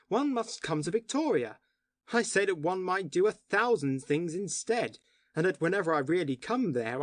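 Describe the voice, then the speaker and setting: Reader doing a fiery male poet in an audiobook, big swings in pitch, preachy and heated. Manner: impassioned, oratorical arguing. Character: male poet of order, passionate and indignant. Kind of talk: audiobook dialogue reading.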